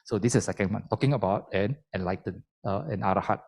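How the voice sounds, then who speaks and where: A man's voice: fairly low pitch, fast talker, vocal fry, a little mellow. A man giving a Buddhist sermon as a lay speaker, emphatic and explaining step by step.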